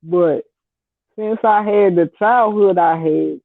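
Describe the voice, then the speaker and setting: A woman's voice: fairly low pitch, takes it slowly, creaky, no room sound. A woman in her thirties from Detroit with a Detroit accent touched by the Southern US, telling a story in a blunt, laid-back casual way. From Detroit, Michigan. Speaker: vlogger. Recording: dry, tinny phone-like audio.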